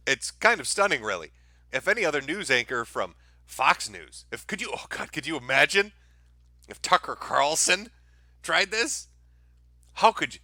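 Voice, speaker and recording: A man's voice: a little high, bright, forceful tone, dry recording. A man hosting a commentary show, talking in a mocking, sarcastic, profane way.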